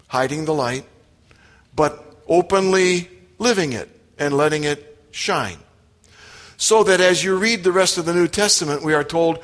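Preaching to his congregation, the pastor is emphatic and direct, often putting questions to his listeners. His voice has a fairly high pitch and a fairly bright tone, echoing with long hall reverb through the church sanctuary.

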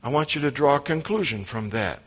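A man's voice: mid-range voice, expressive, a little fast, a bit bright. A man preaching a sermon to his congregation, emphatic and direct, often asking his listeners questions. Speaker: pastor. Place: church sanctuary. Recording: long hall reverb.

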